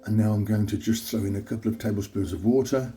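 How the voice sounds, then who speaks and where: A man runs a home cooking demonstration in a mellow, relaxed voice, explaining each step in a chatty, upbeat way. Soft guitar music plays quietly behind him. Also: fairly low pitch, quick pace. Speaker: cooking show host.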